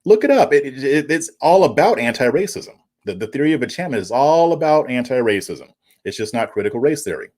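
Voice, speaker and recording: A man hosts a casual political commentary stream, reacting to viewer comments as he goes. His voice sits at an ordinary middle pitch but swings widely and lively. He chuckles often and trips over and repeats his words. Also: a little fast. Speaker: political commentary show host. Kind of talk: casual livestream commentary reading viewer chat.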